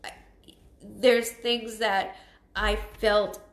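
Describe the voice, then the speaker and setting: Earnest, halting woman in an echoey room. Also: medium pitch, little pitch movement. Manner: halting, with frequent restarts; earnest and emotional. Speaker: psychic medium. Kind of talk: live-streamed spirit reading.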